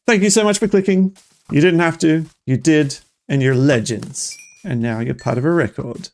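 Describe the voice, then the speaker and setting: A streamer giving excitable, chatty live gameplay commentary and talking straight to the viewers. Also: medium pitch, normal speed.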